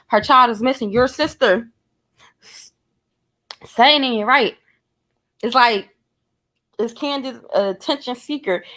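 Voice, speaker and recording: Woman, fairly high voice, casual vlog commentary, blunt and cussing, talks straight to viewers. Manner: blunt, profane and speculative, addressing viewers directly. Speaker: true crime commentator.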